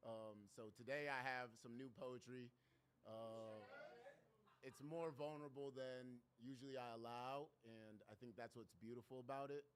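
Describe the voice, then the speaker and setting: A man introducing and reciting vulnerable spoken word poetry at a live open mic, excited and earnest. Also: medium pitch, normal speed, crowd noise.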